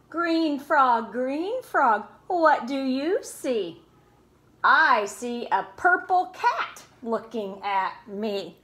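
A preschool teacher reads a picture book aloud in a slow, unhurried voice, stretching every word. Her high voice swoops up and down in a sing-song way, and she stops often for gentle questions to the children. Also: sing-song. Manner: slow, sing-song storytime voice with playful asides.

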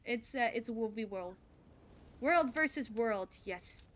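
A woman streaming a video game, chatting casually and excitedly with her viewers as she plays. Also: on the high side, slow. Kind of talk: casual live-stream chat.

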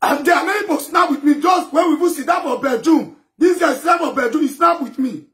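A man with a Nigerian Pidgin accent ranting emphatically to camera, often breaking into shouts. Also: very high-pitched, fast. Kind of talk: impassioned rant to camera.

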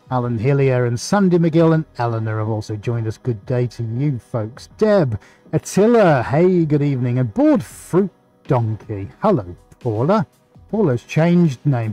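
A man with a dark-toned, mid-range voice hosts a painting live stream. He chats casually and reads out greetings to viewers, restarting in small ways as he goes.

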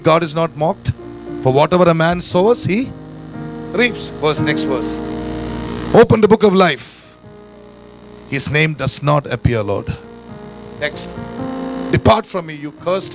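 A man's voice: on the high side, lively intonation, a little slow, pauses often, over music. A man preaching a sermon in church, emphatic, quoting scripture and acting out people's thoughts. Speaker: pastor.

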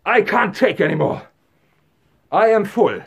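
Brief: young male comic, unhurried, gravelly, a pitch that swoops wide, mock-villain bluster. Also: animated. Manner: hammy, theatrical, mock-villainous with booming ho-ho laughs and sudden yells. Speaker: comedy YouTuber. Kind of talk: absurd comedy sketch monologue.

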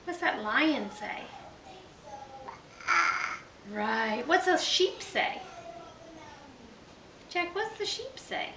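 A woman reading a picture book to her toddler, talking in sing-song baby talk and coaxing him with repeated questions. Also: high voice. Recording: roomy home video from a distance, background noise.

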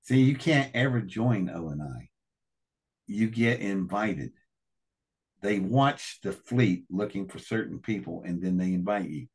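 A man's voice: low-pitched, lively intonation, a little slow, darkish tone, slightly rough. A man as an interview guest telling a colorful, profane story, acting out the other people's voices.

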